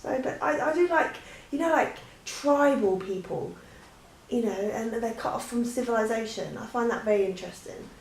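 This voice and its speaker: A woman's voice: on the high side, normal speed, gravelly, reverberant, a little hiss or hum, low-quality recording. A woman answering questions in a chatty, rambling way, with many restarts. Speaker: vlogger. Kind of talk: casual Q&A chat.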